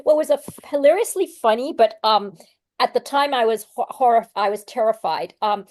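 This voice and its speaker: Lively, fairly high-voiced woman storyteller. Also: moderate pace. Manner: animated storyteller. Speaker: guest actress. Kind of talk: casual interview chat.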